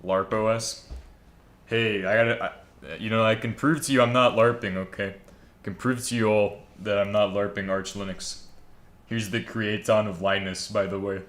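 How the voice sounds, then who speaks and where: A man's voice: lowish voice, fairly even intonation, moderate pace, a bit bright. A man casually chatting on a live stream, joking around and reading viewer comments aloud while he builds a server. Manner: joking, rambling, reads chat aloud.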